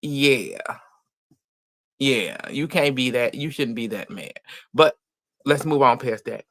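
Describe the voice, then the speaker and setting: A man retelling a reality show episode in a casual, animated, gossipy way, laughing often. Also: medium pitch, slow, no room sound, studio quality.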